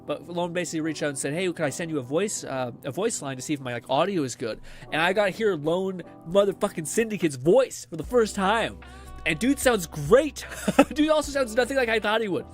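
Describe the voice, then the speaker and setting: A man's voice: high-pitched, expressive, brisk, soft background music. A young man hosting a gaming livestream, rambling casually, swearing and laughing often as he chats. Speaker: livestream host. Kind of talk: casual gaming stream chat.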